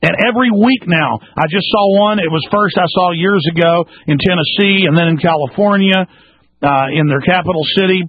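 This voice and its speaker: A man hosts a talk radio show in a high, husky voice, ranting fiercely. He lurches from shouting to low, mocking murmurs. The sound is dry and thin, like it comes down a phone line. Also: fairly quick, no echo. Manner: fiery ranting, swings between shouting and low mocking tones.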